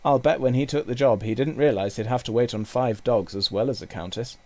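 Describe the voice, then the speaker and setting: A man as a calm knowledgeable uncle. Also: mid-range voice, brisk, close to an everyday voice. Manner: calm, explanatory.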